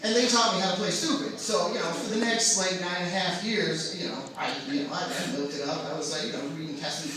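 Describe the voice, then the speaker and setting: A man's voice: high voice, fast, few pauses, noisy background. A young man doing a rambling, self-deprecating stand-up set at a bar open mic, full of fillers and restarts. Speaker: stand-up comic. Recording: echoey bar room from far off, crowd.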